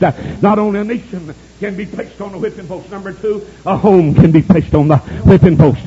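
A man with a Southern US accent preaching a revival sermon, telling folksy stories and bursting into shouts, with many "uh" fillers. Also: sits high, brisk, hardly any pauses, background noise. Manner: shouting, exclamatory, punctuating with "uh". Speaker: evangelist preacher. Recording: dull lo-fi audio recording.

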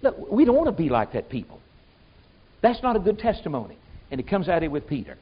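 Preacher man, fairly high voice, folksy and emphatic sermon delivery, muffled recording. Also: very animated, quick pace, breathy edge. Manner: folksy, emphatic, swings from loud exclamations to low asides.

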